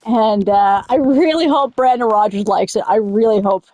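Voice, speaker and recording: A woman's voice: a little high, expressive, moderate pace, mellow, no echo. A woman chatting casually while playing a game, rambling, drifting into silly riffs and swearing at it in sudden angry outbursts. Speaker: gaming streamer. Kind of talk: casual let's-play chat.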